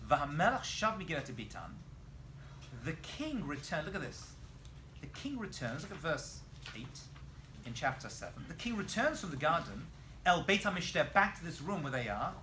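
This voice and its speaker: A man, a rabbi, teaching a lively Bible lesson in a classroom, telling the story with animation and quizzing his students. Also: on the high side, a little hiss or hum.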